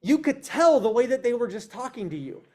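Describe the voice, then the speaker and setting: A man's voice: extremely high pitch, very animated, brisk, a little mellow. A man leading a real estate sales meeting over a video call, emphatic and confrontational, firing questions at his team and acting out clients in quoted voices. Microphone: online meeting, speaking to a video call.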